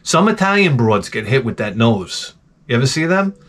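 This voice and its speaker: A man's voice: medium pitch, very animated, normal speed, fairly bright tone. A middle-aged man hosting a retro game channel, rambling through a blunt, profane comedic rant full of wisecracks.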